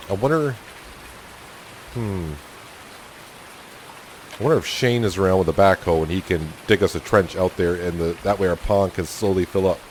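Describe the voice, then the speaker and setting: A man hosting a casual let's-play, talking through his farm chores in an easygoing, self-deprecating way and thinking out loud. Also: fairly low pitch, a little hiss or hum. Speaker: gaming channel host.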